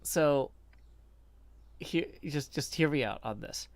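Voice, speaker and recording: A man with a Southern US twang hosting a casual live stream, rambling and excitable as he pitches ideas. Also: slow, dry recording. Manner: rambling, excitable, laughs at his own jokes. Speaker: streamer host.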